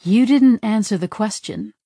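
A woman's voice: medium pitch, unhurried, dry recording, clean studio sound, voice pushed up. A woman narrator voicing an agitated woman who presses hard with urgent, swearing questions. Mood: frantic. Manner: urgent, swearing, rising to near shouts. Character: agitated adult woman, sharp and frantic.

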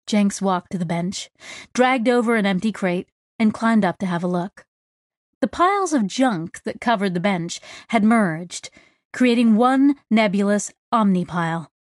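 A woman narrating a novel in a measured, descriptive way on a close studio mic. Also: mid-range voice, animated, no room sound. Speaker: audiobook narrator. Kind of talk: scripted narration.

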